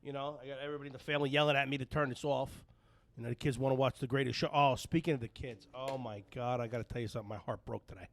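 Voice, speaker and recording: A middle-aged man hosts a podcast in a New Jersey accent, loudly telling meandering stories full of fillers as part of easygoing banter. His mid-range voice holds a steady tone at a rapid-fire clip. The headphones-and-studio-mic recording has no room sound.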